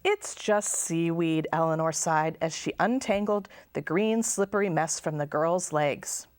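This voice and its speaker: A woman's voice: low-pitched, a little slow, dry recording, studio quality. A woman, a children's librarian, reading a picture book aloud at storytime. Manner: expressive, sing-song.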